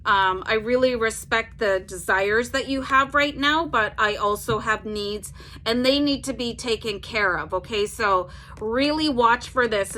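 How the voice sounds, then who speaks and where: Bright-voiced chatty woman tarot reader. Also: a little high, a little hiss or hum. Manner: chatty, fills with "like", tags "okay?" on sentences. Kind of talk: casual tarot reading to camera.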